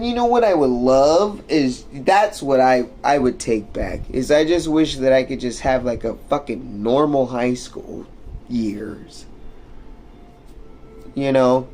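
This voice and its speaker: This young American streamer has an expressive, slightly mellow, medium-pitched voice and talks a little slowly. His casual storytelling rant rambles along, packed with profanity and fillers.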